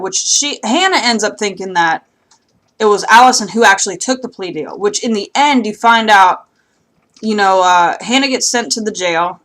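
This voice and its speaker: A young woman with a mid-range, fairly bright voice talks through a TV episode outside. It's a casual recap vlog, chatty and profane, wandering along with plenty of fillers.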